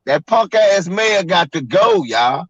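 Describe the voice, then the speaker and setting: A man from Maryland telling stories in a casual livestream chat, animated and profane. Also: high-pitched, takes it slowly, breathy edge, no room sound, muffled recording. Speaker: co-host.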